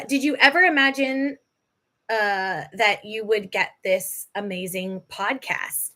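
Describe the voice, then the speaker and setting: A woman's voice: medium pitch, lively intonation, a little slow, pushed and bright. A woman hosting a live podcast Q&A, chatty and emotional, laughing often as she talks. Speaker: podcast host. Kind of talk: live Q&A chat.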